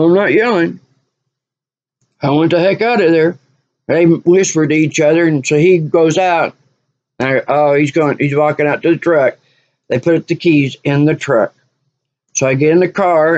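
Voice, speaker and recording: A woman's voice: sits low, normal speed, a little mellow, no echo, dull audio. Exasperated woman telling a story. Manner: exasperated, repeats lines for emphasis. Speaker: vlogger. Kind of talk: animated personal storytelling.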